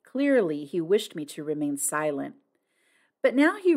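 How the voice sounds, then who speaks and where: A woman narrating an audiobook in an expressive, scripted reading. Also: fairly low pitch, unhurried.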